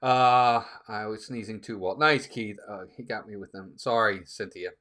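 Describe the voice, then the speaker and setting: A man's voice: lowish voice, fairly even intonation, moderate pace, fairly bright tone. A man hosting a casual live stream, chatting with viewers and reading out their comments. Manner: chatty, reads out viewer comments, sneezing fits.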